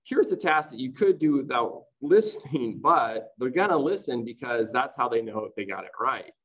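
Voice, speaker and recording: A man's voice: mid-range voice, sing-song, normal speed, fairly bright tone, rough recording. A man presenting to fellow teachers in an online conference talk, explaining classroom activities in a chatty way and often checking in with "right?".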